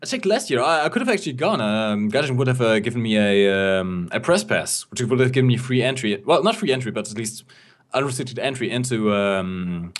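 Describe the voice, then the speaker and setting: Young male college-age caster, animated, loose and friendly live commentary. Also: mid-range voice, a little fast. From lived in Germany early in life. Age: young adult. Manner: chatty, laughs often, bantering. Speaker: esports caster. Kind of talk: casual live stream commentary.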